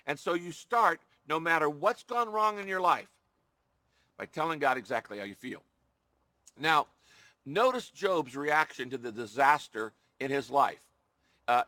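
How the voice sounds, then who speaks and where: A man delivers an earnest sermon, stressing his points by repeating them and voicing pleading prayers aloud. His tone is bright and forceful, sitting a little high for a man. The sound is close and dry, with no room echo. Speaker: preacher.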